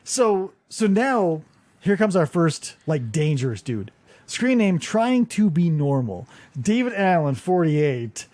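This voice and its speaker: A man co-hosting a casual podcast recap, animated and swearing freely, acting out quotes in little voices. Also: on the high side, slow. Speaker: podcast co-host.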